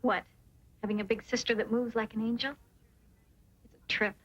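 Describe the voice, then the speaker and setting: A woman's voice: a little high, steady tone, normal speed, lightly acted. An actress playing a guarded young woman in an old action film. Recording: dull lo-fi film soundtrack.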